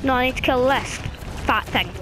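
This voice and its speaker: A woman's voice: high voice, normal speed. A woman giving casual running commentary while playing a video game, chatting and chanting commands at the screen. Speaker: gaming channel host. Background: game music.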